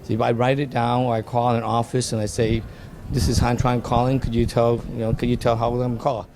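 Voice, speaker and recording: A man's voice: mid-range voice, flat delivery, brisk, darkish tone, a little hiss or hum. A man, a guest telling stories in a casual interview and often repeating words as he starts a sentence. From Vietnam. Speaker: dental office design guest.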